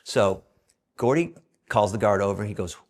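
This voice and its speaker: Gravelly man in his fifties, animated storyteller. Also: on the low side, moderate pace. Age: 50s. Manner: animated, profane storytelling with acted quotes. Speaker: interview guest. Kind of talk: storytelling in a conversational interview.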